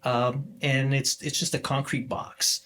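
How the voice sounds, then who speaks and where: A man in his forties, a podcast guest, tells his story in a halting, meandering way full of ums and restarts. His voice sits at an ordinary middle pitch for a man. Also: level tone, fairly bright tone. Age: 40s. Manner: rambling, halting, many fillers and restarts. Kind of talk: casual storytelling interview.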